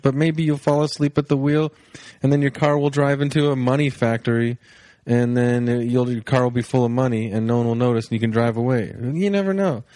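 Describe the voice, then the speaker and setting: A man hosting a casual podcast, his voice sleepy and unhurried as he wanders between thoughts with plenty of ums. He sits at a middling pitch and is recorded dry and close, with no room echo. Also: a little mellow. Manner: sleepy-sounding, laid-back, rambling with fillers. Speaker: podcast host. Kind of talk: casual rambling podcast intro. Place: home, on his couch.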